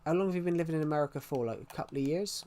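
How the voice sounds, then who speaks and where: A man's voice: on the high side, very fast, dark tone. A man streaming a game and chatting casually with his viewers, answering their questions. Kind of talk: casual livestream chat.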